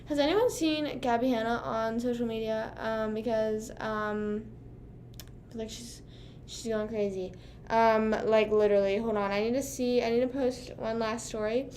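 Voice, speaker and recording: A woman's voice: fairly high pitch, steady tone, moderate pace, darkish tone, slight background noise. A young woman under twenty-one chatting casually on a live stream, rambling with lots of fillers. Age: young adult.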